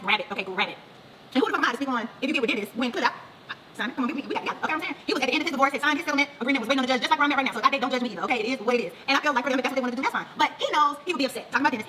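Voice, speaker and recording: A woman hosts her vlog in a casual gossip chat, talking at a breakneck pace. Her voice is high, bright and very lively, and her manner is frank and profane. A faint background noise sits under the recording. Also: poor audio. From Atlanta, United States. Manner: rapid, animated, frank and profane. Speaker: vlog host.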